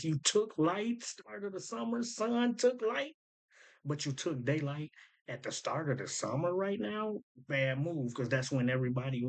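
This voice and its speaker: Laid-back man musing over rap lyrics. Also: a little high. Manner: thinks aloud, repeats lines back, slangy and loose. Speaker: host breaking down rap lyrics. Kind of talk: casual commentary.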